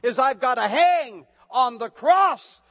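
A pastor preaching a sermon and reading scripture, emphatic and building to shouts, with slow, drawn-out reading of the verses. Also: male voice, very high-pitched, animated. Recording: dull lo-fi sound in a reverberant hall.

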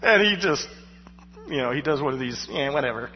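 A male pastor preaching a sermon through personal stories, animated and poking fun at himself with frequent laughter. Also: a little high, normal speed, a little hiss or hum. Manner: animated, self-mocking, laughing between lines. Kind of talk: storytelling sermon. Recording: dull sound with long hall reverb.

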